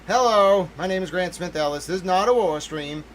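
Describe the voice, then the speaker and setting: Male livestream host, high-pitched, excitable and emphatic, keeps repeating himself for emphasis. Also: a little fast, over loud music, poor audio. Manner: talks to chat members directly by name. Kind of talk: livestream commentary.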